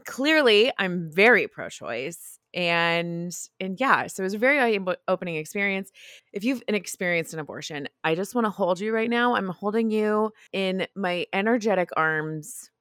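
A woman's voice: medium pitch, animated, normal speed, fairly bright tone, no room sound, clean studio sound. A woman in her thirties hosting a podcast, telling a personal story in a frank, confessional way and laughing often. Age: 30s. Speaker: podcast host.

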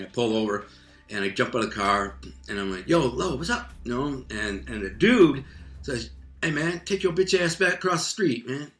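Streetwise man telling a story in an echoey room. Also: on the low side. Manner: streetwise, animated, acts out voices and sound effects. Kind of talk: casual spoken storytelling.

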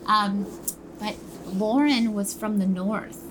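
Woman, stage actress, casual interview, lively exclamations, noisy background. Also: medium pitch, slow. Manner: animated, exclaiming, playful. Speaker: Broadway actress, guest.

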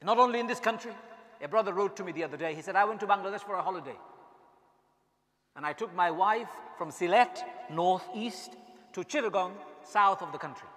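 A man delivering an impassioned sermon as an imam, swinging from quiet asides to shouted rhetorical questions. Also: sits high, a little fast. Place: mosque hall. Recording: long reverb in a large hall.

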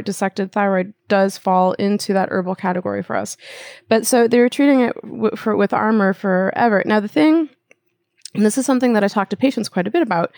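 A woman's voice: medium pitch, a little mellow, no echo. A woman guest telling a personal story and explaining with analogies in a casual interview. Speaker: acupuncturist guest.

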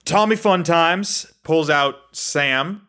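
A man's voice: on the high side, takes it slowly, bright, forceful tone, clear, resonant tone. A man running a tabletop role-play game as game master, narrating scenes. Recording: echoey hall with faint music.

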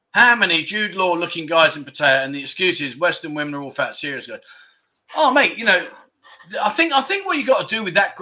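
Man, from England, livestream host, casual rambling chat, self-deprecating, bright voice. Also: high voice. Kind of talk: casual live chat reading viewer comments. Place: indoors at home.

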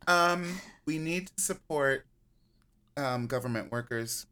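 A man talks as a podcast guest in a smooth, bright voice. He jokes and rambles in an animated way. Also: fairly high pitch, slow. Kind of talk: casual chat.

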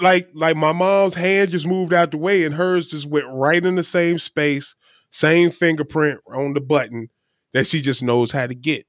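A man's voice: fairly high pitch, no room sound, clean studio sound. A man co-hosting a casual chat, talking in a frank, rambling way and swearing casually. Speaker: podcast co-host.

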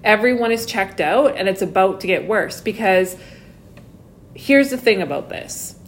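Animated swearing woman in casual spiritual chat. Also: mid-range voice, measured pace, a little hiss or hum. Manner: animated, swears freely, acts out quotes.

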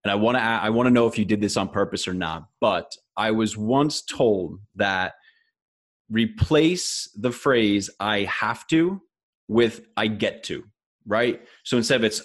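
Thoughtful low-voiced male podcast host. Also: moderate pace. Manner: thoughtful, reflective questioning. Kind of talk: casual podcast conversation.

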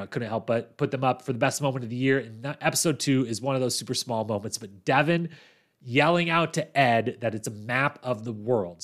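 With a mid-range voice, a man hosting a podcast recaps a reality competition season. His storytelling is chatty and animated, sprinkled with quick asides.

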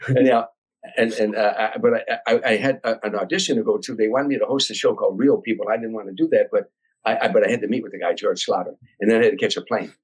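An older man from Chicago, a comedian telling a long anecdote as a podcast guest, animated and acting out voices and sounds. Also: fairly low pitch, quick pace, breathy edge, rough recording. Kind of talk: storytelling anecdote.

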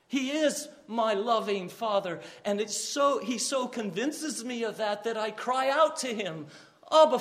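A man's voice: sits high, fairly bright tone. A man pastor preaching a sermon with earnest emphasis, sometimes repeating words and raising his voice on quoted cries.

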